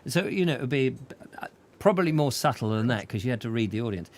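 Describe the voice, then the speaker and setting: Man telling a lively, chuckling anecdote. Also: mid-range voice, fast. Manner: lively storyteller, chuckling often, many restarts. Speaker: host. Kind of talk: casual chat, telling an anecdote.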